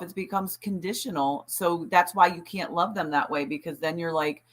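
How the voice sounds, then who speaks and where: A woman with a fairly low voice joins the chat over a lagging remote call. She speaks candidly and tells her story, often restarting and repeating phrases. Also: moderate pace. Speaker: podcast co-host. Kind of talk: casual chat. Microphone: remote call with delay.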